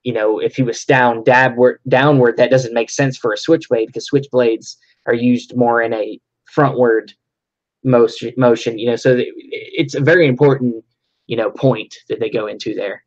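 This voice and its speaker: A man's voice: mid-range voice, fairly even intonation, normal speed, lo-fi sound. A man talking casually about a film, rambling with lots of restarts and fillers. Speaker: podcast co-host.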